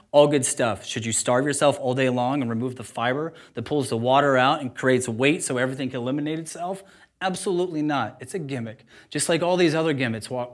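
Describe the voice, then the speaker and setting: A man who owns a juice bar, talking informally and with energy to a live audience. He is candid and laughs at himself. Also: mid-range voice. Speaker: juice bar owner giving a talk.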